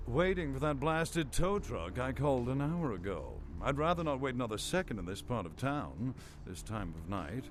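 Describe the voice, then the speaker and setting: A man's voice: mid-range voice, very animated, moderate pace, few pauses, a little hiss or hum, lightly acted. A man playing a prim, complaining rich snob. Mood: haughty. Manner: prim, complaining, upper-class. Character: snooty, fussy rich man stranded at night. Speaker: video game character. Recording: game audio with music behind.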